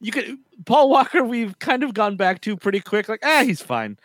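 A man's voice: sits high, moderate pace, no echo. A man co-hosting a podcast, joking playfully in casual chat. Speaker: podcast co-host.

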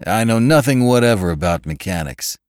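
A man voicing a fussy bespectacled older gentleman who protests indignantly, in an audiobook reading. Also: mid-range voice, very animated, normal speed, no echo, clean studio sound, pitched above the performer's own voice, natural voice.

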